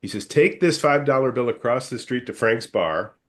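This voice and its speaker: Animated man telling a joke. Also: mid-range voice. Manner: brisk storyteller, animated quoted voices. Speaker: panelist. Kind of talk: casual joke-telling on a talk show.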